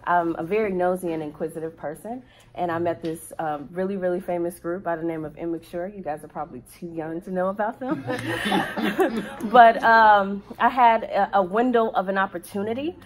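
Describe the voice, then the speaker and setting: A woman's voice: on the low side, moderate pace. Earnest woman telling a heartfelt story. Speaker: panel speaker. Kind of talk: personal story told to a live audience.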